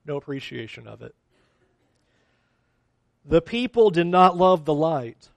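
A man's voice: a little high, sing-song, unhurried, vocal fry, no echo. A man preaching a sermon as a pastor, acting out quotes of complaining people along the way.

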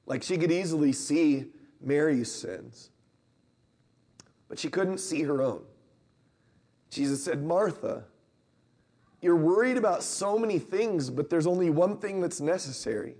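A man's voice: lively intonation, a little slow, long pauses, a little mellow. A man preaching a sermon in a conversational way, acting out the lines of Bible characters with a rising voice. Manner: conversational, acts out Bible quotes with rising pitch.

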